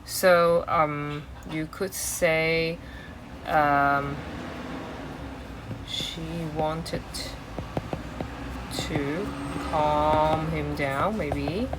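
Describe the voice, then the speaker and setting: A woman's voice: deep voice, steady tone, drawn-out words, pauses often, noisy background. A woman teaching an exam-prep English lesson, explaining step by step with many fillers and restarts.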